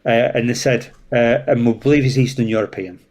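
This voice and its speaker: A man with a Yorkshire accent, a traffic police officer telling a story in casual chat, animated and swearing freely. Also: medium pitch, a little fast. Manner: animated, swears freely, acts out voices in anecdotes.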